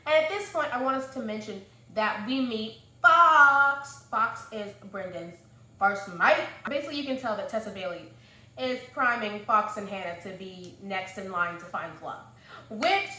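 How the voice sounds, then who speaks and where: A woman's voice: a little high, bright, forceful tone. A woman with a Southern US accent chatting casually as she sums up a book, rambling with lots of fillers. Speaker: book vlogger. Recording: echoey room.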